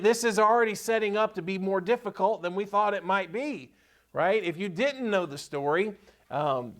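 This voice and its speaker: A man preaching a sermon as pastor, reading scripture aloud and repeating key points with emphasis. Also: a little high. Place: church sanctuary.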